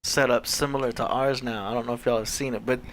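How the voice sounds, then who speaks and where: A man's voice: mid-range voice, fairly even intonation, fast talker, a bit bright. A man co-hosting a podcast in casual chat, talkative and explaining what he has noticed. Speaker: podcast co-host.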